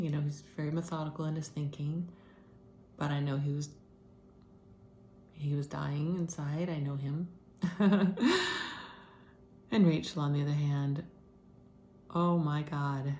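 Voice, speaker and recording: A woman's voice: low-pitched, unhurried, long pauses, reverberant, slight background noise. A middle-aged woman telling her own story in an unscripted video diary, tearful at times and dropping to whispers. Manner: emotional, shifts between whispers and animated retelling. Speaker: vlogger sharing her illness journey.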